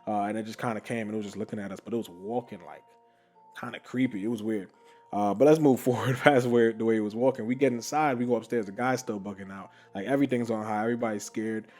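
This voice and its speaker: A man hosting a podcast, telling a story in an animated, casual way, with frequent laughs and many fillers. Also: fairly low pitch, quick pace, faint music behind. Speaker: podcast host.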